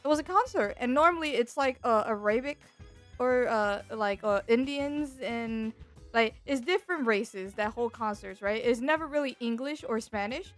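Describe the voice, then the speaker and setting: A young woman streamer telling a story in a casual chat, animated and exasperated, full of fillers and restarts. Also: a little high, moderate pace, faint music behind. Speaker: VTuber streamer.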